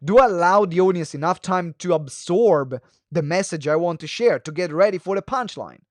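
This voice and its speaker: Higher-voiced fast-talking male coach. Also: expressive, dry recording. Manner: fast talker who varies pace and pitch; frequent fillers and restarts. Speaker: speaking coach. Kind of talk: live webinar teaching.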